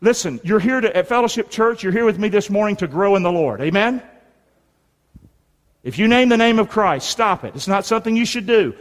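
A man's voice: high-pitched, big pitch swings, normal speed, a bit bright. A middle-aged male pastor preaching a sermon, leading the crowd in call-and-response and hand signs. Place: church sanctuary. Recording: long reverb in a large hall.

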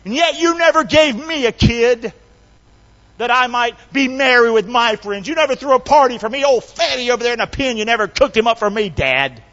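A man's voice: sits high, slow, pushed and bright, long reverb tail, voice pushed up, heavily acted. A man preacher voicing a resentful young elder brother who complains in an aggrieved, whining way. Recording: slightly dull lo-fi sound.

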